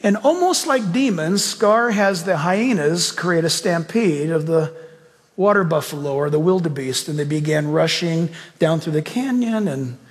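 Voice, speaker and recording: A man's voice: a little high, expressive, measured pace, long reverb tail. A male pastor preaching a sermon, telling a story with emphatic rhetorical questions and ending in prayer.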